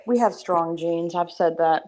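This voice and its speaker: A middle-aged woman, a citizen journalist guest on a panel, talking casually with quick asides. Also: on the low side, a little mellow, poor audio. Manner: talkative, quick asides and laughs.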